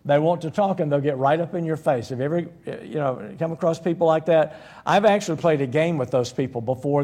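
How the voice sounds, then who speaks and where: A man's voice: fairly high pitch, a little fast, dark tone. A man preaching a sermon in a conversational, folksy way, with humorous one-liners and frequent restarts.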